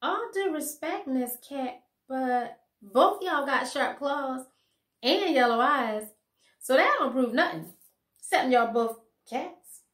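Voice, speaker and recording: A sassy young country girl who is never impressed, as a woman reader puts her on. She talks in a blunt, folksy, matter-of-fact way. Her voice is bright and a little high, and the echoey room rings around it. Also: expressive, slow, exaggerated voice.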